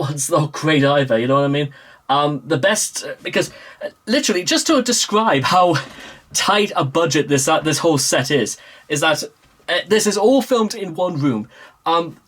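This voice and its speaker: A man's voice: fairly high pitch, expressive, moderate pace, a bit bright. A young man rambles casually through a vlog, full of fillers and restarts, recorded in a small room. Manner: meandering, full of fillers and self-corrections. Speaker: vlogger. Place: small room with a green screen.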